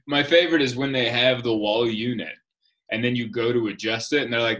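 A man's voice: mid-range voice, moderate pace, fairly bright tone. A man, a comedian, telling wry, joking stories in casual chat. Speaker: comedian guest.

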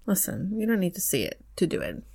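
A woman in her fifties co-hosts a relaxed podcast chat. She teases her partner in a matter-of-fact tone and stretches some of her words. Her pitch is about average for a woman. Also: quick pace, slightly rough. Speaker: podcast co-host. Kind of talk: casual chat.

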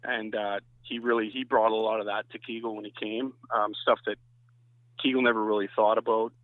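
A man from Canada, a softball pitcher, telling rambling anecdotes as a podcast guest. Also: level tone, brisk, no echo. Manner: rambling anecdotes with many restarts. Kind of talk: casual chat, storytelling. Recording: tinny phone-like line, dry.

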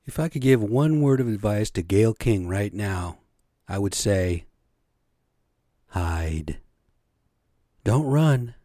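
A man's voice: on the low side, lively intonation, measured pace, dark tone, no room sound, clean studio sound. A man hosting his own podcast, ranting heatedly with constant swearing. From American Indian from the United States. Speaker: podcast host. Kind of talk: solo podcast rant.

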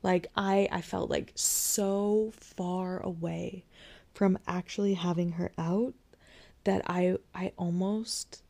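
Gravelly low-voiced woman telling a story. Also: fairly even intonation, takes it slowly. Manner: candid and reflective, with soft laughs and whispered asides. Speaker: podcast host sharing her birth story. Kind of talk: personal storytelling monologue.

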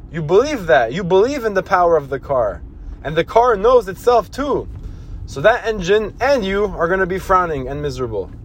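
Guy hosting a motivational podcast, fairly high voice, earnest, keeps restarting his sentences. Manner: earnest, repetitive, with many restarts; acts out scolding voices in quotes. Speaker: podcast host.

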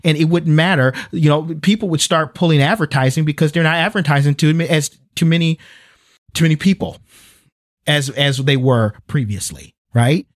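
Earnest higher-voiced male podcast host. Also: normal speed, no echo, studio quality. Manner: earnest and emphatic, with frequent restarts and repeated words. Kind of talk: faith-based podcast talk.

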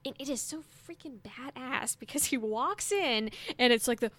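A woman's voice: high voice, expressive, moderate pace, fairly bright tone, dry recording. A woman hosting a fan podcast, gushing as she recaps an episode in casual chat. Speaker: podcast host.

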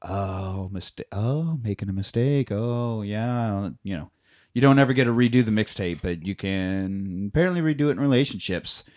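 A man's voice: lowish voice, expressive, normal speed, a little mellow. A man in casual chat, retelling a movie's plot in a rambling way, swearing and acting out the characters' lines. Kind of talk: casual chat recapping a film.

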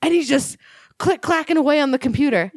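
A young woman casually telling a story on a podcast, animated, swearing and laughing as she goes. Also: sits high, a little fast, no echo, studio quality.

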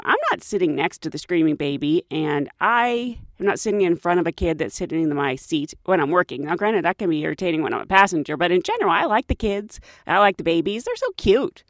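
Female flight attendant swapping stories; expressive, laughs easily, dry recording. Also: fairly low pitch, no room sound. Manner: animated, laughing storyteller. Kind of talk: casual storytelling.

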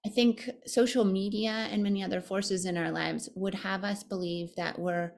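A woman meditation teacher, a podcast guest, speaking in a reflective, gentle and thoughtful way. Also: medium pitch, fairly even intonation, moderate pace, creaky. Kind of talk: podcast conversation.

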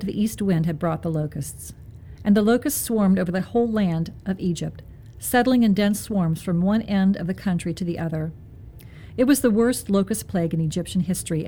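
A woman reading Bible passages aloud for a church, in a measured and unhurried way. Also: on the low side, dark tone.

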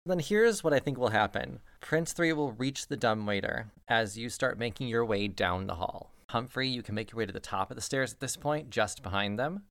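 A man runs a tabletop game as game master, narrating in a laid-back, quiet way. His voice sits at a middle pitch and sounds dry and close. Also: moderate pace, creaky, hardly any pauses, dry recording.

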